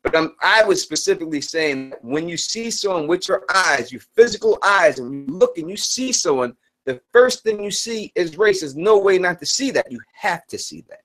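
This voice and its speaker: A man's voice: fairly high pitch, expressive, moderate pace, fairly bright tone. A man hosting a live stream Q&A, talking earnestly, repeating points and restarting sentences as he explains his view. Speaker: channel host.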